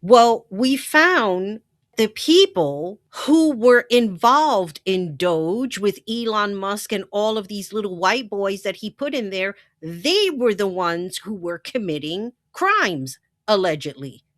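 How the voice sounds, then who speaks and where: Indignant woman with a lively voice. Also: mid-range voice, slow, no echo, studio quality. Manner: blunt, indignant, profane. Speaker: commentary channel host. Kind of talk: political commentary.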